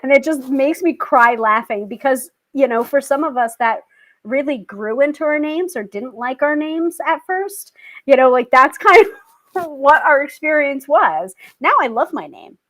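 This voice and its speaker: A woman hosting her own tarot show, chatting casually to viewers, animated and quick to laugh. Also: high voice. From family British. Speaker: tarot reader and show host.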